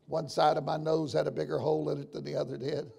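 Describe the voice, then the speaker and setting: An older man preaching a sermon and telling stories, dropping to a hush and rising to shouts. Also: fairly high pitch, little pitch movement, fast talker, creaky, slightly rough. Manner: storytelling preacher, swings from hushed to shouting. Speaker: pastor.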